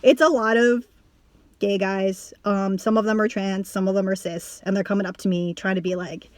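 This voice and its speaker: A woman's voice: medium pitch, normal speed, dry recording. A young woman vlogging casually to camera, rambling with lots of "like", restarts and swearing, breaking into laughter at times. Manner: animated with bursts of laughter.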